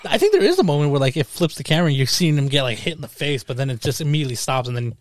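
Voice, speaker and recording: A young man co-hosting a casual movie podcast, talking in an animated, swear-heavy way and acting out what characters said. His voice sits a touch high for a man. The sound is dry and close, with little room around it. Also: very fast, dry recording. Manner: animated, swears a lot, acts out quotes. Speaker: podcast co-host. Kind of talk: casual film review chat.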